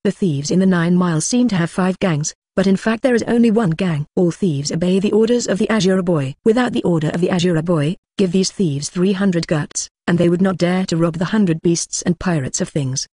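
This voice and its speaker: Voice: mid-range voice, a little fast, hardly any pauses, mellow, no room sound, studio quality, lightly acted. A synthetic-sounding narrator reading the lines of a cold, ruthless young pirate commander in a plain, blunt way.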